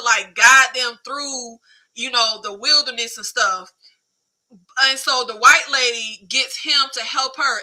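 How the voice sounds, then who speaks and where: A woman speaking, hosting a livestream movie review in an animated, colloquial, conversational way. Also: on the high side, rough recording. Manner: animated, conversational, colloquial Southern Black American slang. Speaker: host.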